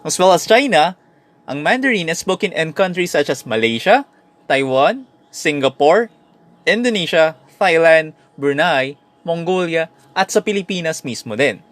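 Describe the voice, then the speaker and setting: A man's voice: on the high side, animated, moderate pace, fairly bright tone, no echo. A man with a Filipino accent teaching a recorded language lesson, switching between Tagalog and English and repeating syllables to demonstrate tones.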